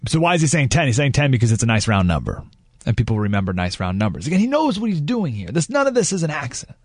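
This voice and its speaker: A man's voice: medium pitch, sing-song, fast talker, slightly rough, no room sound, clean studio sound. A man hosting a talk radio show, giving emphatic commentary full of rhetorical questions.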